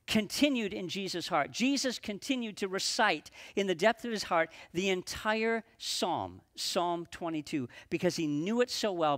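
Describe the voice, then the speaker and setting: Earnest higher-voiced male pastor preaching. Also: fairly bright tone. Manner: earnest, slows and drops his voice for emphasis. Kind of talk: sermon. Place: church sanctuary at a live service.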